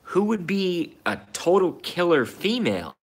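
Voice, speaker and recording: A man with a high, husky voice and big pitch swings talks a little slowly as he hosts a live stream. Heated and profane, he rants about politics, repeats his points, and reads and answers viewer comments.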